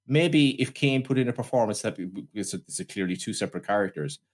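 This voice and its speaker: A man's voice: on the low side, lively intonation, fast talker. A man co-hosting a casual film podcast, ranting animatedly, swearing often and acting out quotes. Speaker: podcast co-host. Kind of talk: casual film review chat.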